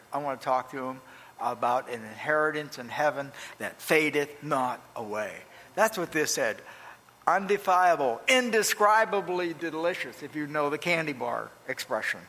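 An older male pastor telling a story from the pulpit in a folksy, animated way, often repeating his phrases. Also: medium pitch, normal speed. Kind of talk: storytelling sermon. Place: church. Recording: long reverb.

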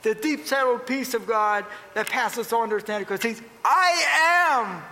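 A male pastor from Pennsylvania preaching a sermon, telling folksy stories, booming on emphasis and dropping to quiet asides. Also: fairly even intonation, normal speed, big-room sound, rough recording.

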